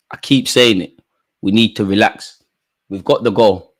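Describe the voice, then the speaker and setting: A man reacting live to a football match, talking at players and the referee, swinging from low mutters to excited shouts. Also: normal speed. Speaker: football fan streamer.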